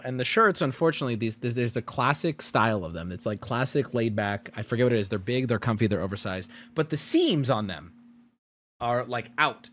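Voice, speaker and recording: A man streaming, telling a story to his chat in a casual, animated way, jumping between loud outbursts and low mutters.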